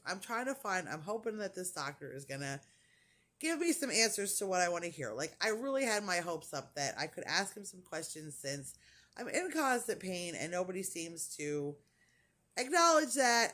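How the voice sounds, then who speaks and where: A woman chats to her viewers in a loose, rambling way, retelling a story and acting out what everyone said. Her pitch swings widely as she talks, full of likes and ums. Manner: animated, retells dialogue with lots of "like" and fillers. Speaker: crafting vlogger. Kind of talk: casual storytelling chat.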